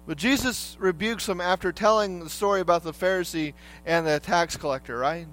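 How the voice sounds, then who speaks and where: A man's voice: high voice, a bit bright. A man preaching a sermon in a conversational way, often turning to the listeners with questions.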